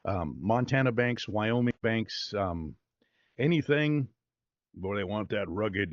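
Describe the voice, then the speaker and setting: A voice-over artist talking casually in an interview, upbeat and rambling with plenty of fillers. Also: male voice, on the low side, animated, slow pace, dry recording, lo-fi sound.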